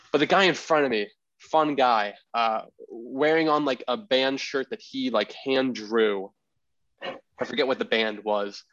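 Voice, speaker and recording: A man hosting a podcast, telling a story in a rambling, animated way and acting out the people he quotes. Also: medium pitch, no room sound, highs cut off. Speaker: podcast host. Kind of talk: casual storytelling chat.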